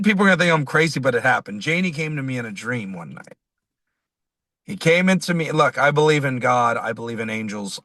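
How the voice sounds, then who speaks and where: A man, a singer-songwriter, telling a personal story as a guest in an interview, lively and quoting others as he goes. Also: medium pitch, dry recording. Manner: animated, quotes people in his stories.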